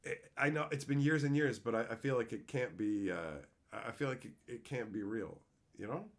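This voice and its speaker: A male streamer talking casually to his chat, his voice leaping high and loud when he reads messages, then dropping low and quiet for stories. He swears freely and keeps an easy, rambling tone. His pitch is lively and very animated throughout. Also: brisk. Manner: animated, swings between loud excited reading of chat and low reflective storytelling.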